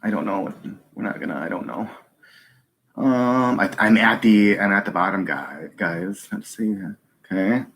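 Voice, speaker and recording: A man hosting a live stream, reading chat and speaking earnestly, halting with many ums and restarts, close to tears. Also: fairly low pitch, fairly bright tone.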